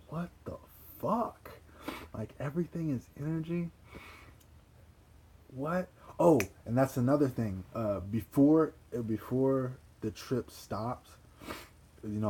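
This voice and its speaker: A young man casually telling a personal story, animated and profane, repeating himself and laughing. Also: on the low side, slight background noise. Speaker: vlogger.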